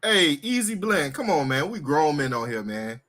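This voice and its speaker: On a casual live sports stream, a young male co-host reads viewer comments aloud, teases his partner, and laughs often. His voice is a little high and fairly bright, very animated, at normal speed.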